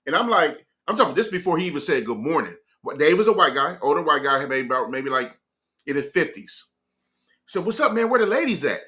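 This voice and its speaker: Host, male, casual comic storyteller, bright tense tone, slightly high voice, slangy. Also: expressive, fairly quick. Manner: loose slangy delivery, laughs often. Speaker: morning show host.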